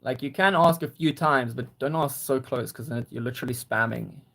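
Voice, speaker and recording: Gravelly-voiced young man chatting with viewers. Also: medium pitch, brisk. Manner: gentle, encouraging, praising viewers. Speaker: livestream host. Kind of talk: casual live chat reading viewer comments.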